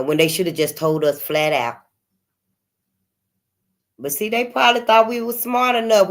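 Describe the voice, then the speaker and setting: A woman hosting her channel, talking in impassioned commentary with frequent cussing and sudden swings from loud outbursts to quiet asides. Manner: emphatic, colloquial, cusses freely, swings between loud outbursts and low asides. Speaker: channel host.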